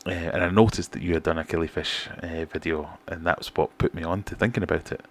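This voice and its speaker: British bloke with a deep low voice, easygoing livestream chat, answering comments. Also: male voice, a little fast. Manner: chatty, reads out viewer comments, relaxed and self-deprecating. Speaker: fishkeeping livestream host.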